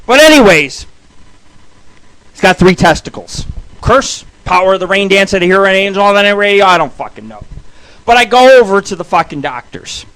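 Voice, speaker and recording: Loud, crude man telling rambling stories. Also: sits high, sing-song, normal speed. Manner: rambling, crude and loud, with sudden shouted bursts. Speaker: radio show host. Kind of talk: profane storytelling monologue.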